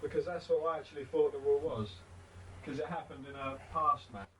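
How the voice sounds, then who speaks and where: A man's voice: on the high side, fairly even intonation, brisk, fairly bright tone, lo-fi sound. A man chats on a podcast, adding dry, joking asides. He sits well back from the microphone, so his voice sounds distant. Faint noise runs underneath. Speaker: podcast co-host. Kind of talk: casual chat.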